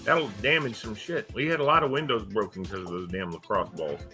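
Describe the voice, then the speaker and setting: A man's voice: fairly quick, soft background music. An older man, a podcast host and former school coach, telling stories in casual chat and acting out the kids he quotes. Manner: animated storyteller acting out quoted kids in a higher voice.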